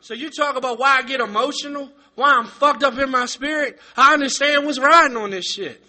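A man speaking at a recovery meeting, giving a blunt, profane, fervent testimony that bursts into shouting. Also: very high-pitched, a little fast. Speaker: recovering addict sharing at a meeting.

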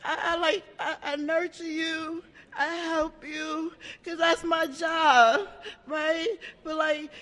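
A woman giving a raw, emotional personal share at a support meeting, talking in halting bursts with many restarts and plenty of swearing. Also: extremely high pitch, flat delivery, sharp tone. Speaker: member sharing at a support meeting. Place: meeting room. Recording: echoey hall.

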